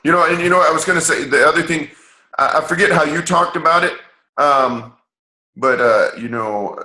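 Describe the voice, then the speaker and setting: A man's voice: on the high side, normal speed, sharp tone, reverberant, rough recording. A man hosting a team call, giving motivational talk with many fillers and restarts.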